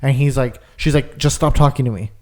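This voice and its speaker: A young man chatting on a podcast, with a middle-pitched voice that sits right in the usual range. He tells stories in a rambling, casual way, packed with fillers and restarts. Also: fairly quick, a little mellow. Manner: rambling storyteller, lots of "like". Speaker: podcast co-host. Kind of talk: casual chat.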